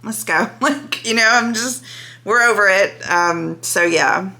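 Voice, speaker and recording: A woman's voice: medium pitch, slow, creaky, sharp tone. A woman in her thirties talking candidly and emotionally in a casual reaction vlog to her channel's viewers. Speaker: vlogger.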